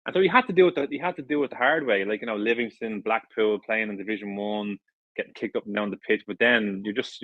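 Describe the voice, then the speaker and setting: A man's voice: medium pitch, fairly bright tone, no echo, poor audio. A middle-aged Irish man, a former footballer, telling stories in a casual interview, rambling with many restarts and fillers. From Ireland. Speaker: former footballer, podcast guest.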